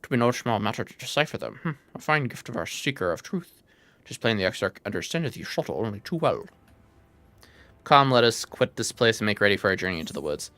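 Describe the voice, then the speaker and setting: A man's voice: on the low side, very animated, quick pace, a bit bright, no echo. A man reading aloud the lines of a solemn male elf scholar who speaks in old-fashioned formal phrases. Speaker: streamer reading game dialogue.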